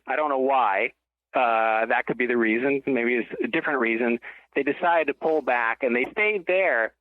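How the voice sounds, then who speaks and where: A man's voice: mid-range voice, dry recording. A man, a guest author on an interview show, tells a long story and often stops to correct himself mid-sentence. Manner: rambling, self-correcting storyteller. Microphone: telephone. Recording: tinny dry phone line.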